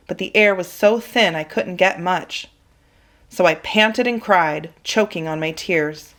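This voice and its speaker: A woman reading a children's chapter book aloud in an expressive, dramatic way. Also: on the low side. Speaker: reader for children. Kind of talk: storybook read-aloud.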